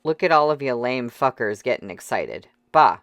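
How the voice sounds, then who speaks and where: A reader voicing a fierce, defiant young woman who swears coarsely and shouts in a shrill voice, in an audiobook. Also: big pitch swings, moderate pace, no room sound. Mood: furious.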